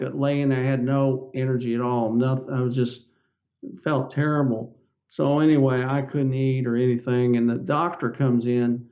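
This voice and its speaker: A man's voice: mid-range voice, mellow, highs cut off. An older man, a podcast guest, telling his story in an earnest, folksy way and acting out the dialogue. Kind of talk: storytelling interview.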